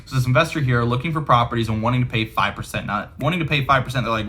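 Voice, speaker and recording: Bright-voiced, chatty investor guy. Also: mid-range voice, quick pace. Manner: loose and chatty, lots of fillers, says "man" and "bud". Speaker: real estate investor and coach. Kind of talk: casual instructional talk to camera.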